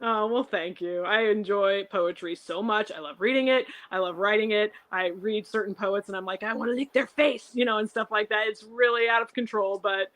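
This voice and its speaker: A woman's voice: mid-range voice, steady tone, moderate pace, hardly any pauses, fairly bright tone. A woman poet chatting casually on a show, effusive, giggly and rambling. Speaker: poet, co-host guest. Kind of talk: casual chat.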